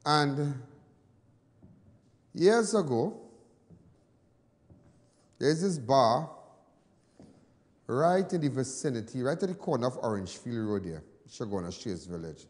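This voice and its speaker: A Trinidadian man hosting a news show, telling personal stories in casual commentary, animated and then low and soft when sad. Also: takes it slowly, long pauses, big-room sound. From Trinidad and Tobago.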